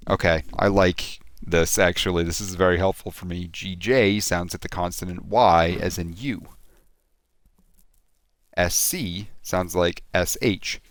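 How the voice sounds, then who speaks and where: A man's voice: low voice, fairly even intonation, unhurried, no echo. A man streaming a game, reading its text aloud and stopping to sound out the odd words, with casual swearing.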